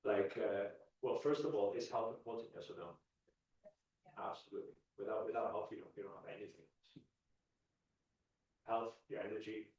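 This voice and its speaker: A man's voice: fairly low pitch, moderate pace, pauses often. Echoey male coach talking to a crowd. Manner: animated, repetitive, chuckles often. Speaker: spiritual coach. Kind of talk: motivational talk to a live audience. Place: large event ballroom. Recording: echoey dull hall sound from far off.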